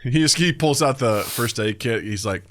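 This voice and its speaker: A man co-hosting a podcast, joking around with a lot of profanity and quick character bits. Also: medium pitch, expressive, a bit bright. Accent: Boston. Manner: profane, jokey, slips into bits and put-on voices. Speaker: podcast co-host. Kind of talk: casual comedic chat.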